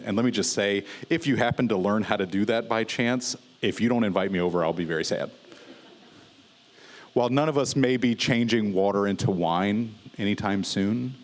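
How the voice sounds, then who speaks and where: Low-voiced pastor preaching casually. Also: male voice. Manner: conversational preaching with fillers and humor. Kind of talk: sermon. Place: church service.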